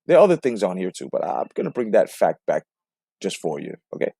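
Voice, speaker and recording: A man hosting a boxing talk show, breaking down a clip with profane, animated commentary and rhetorical questions. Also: low voice, fairly quick, vocal fry, slightly rough, dry recording, clean studio sound.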